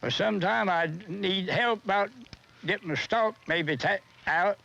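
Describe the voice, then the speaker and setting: An older man, a farmer reminiscing casually, halting and restarting often. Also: sits high, vocal fry, bright, forceful tone. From North Carolina. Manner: halting, with many restarts and fillers. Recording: dull 1970s film soundtrack.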